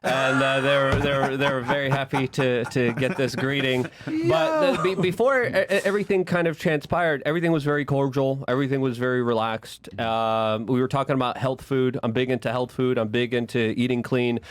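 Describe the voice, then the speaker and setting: A man, a podcast guest, speaking in a halting way and repeating words as he searches for them. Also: mid-range voice, background noise. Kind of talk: casual podcast chat.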